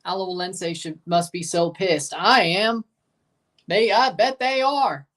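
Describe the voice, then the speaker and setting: A woman's voice: on the low side, unhurried. Opinionated woman reacting to a live match. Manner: casual, opinionated, bursts into excited shouts. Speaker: watchalong host.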